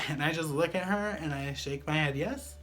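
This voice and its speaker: A man's voice: on the high side, moderate pace, fairly bright tone. A man vlogger telling a personal story in a casual, chatty way, full of fillers like "like" and "pretty much".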